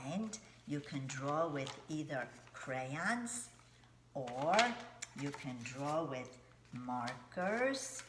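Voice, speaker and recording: A middle-aged woman teaches young children about art in a gentle, coaxing way, often pausing to ask them questions. Her voice sits low and she speaks slowly and plainly. She is recorded in an echoey room with a faint hiss behind her. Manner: slow, simple, coaxing teacher talk with questions to kids.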